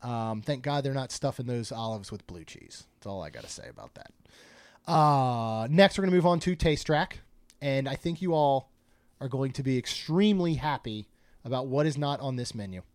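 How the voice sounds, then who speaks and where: A man's voice: medium pitch, expressive, moderate pace, no echo. A man co-hosting a casual podcast, chatting and joking while reading out a food menu. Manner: chatty, jokey, reads menu items aloud. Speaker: podcast co-host.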